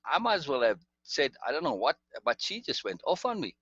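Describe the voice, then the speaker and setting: A man's voice: medium pitch, big pitch swings, brisk, fairly bright tone, husky, no echo, dull audio. A man telling a long personal story in casual conversation, rambling with restarts and asides. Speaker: guest storyteller.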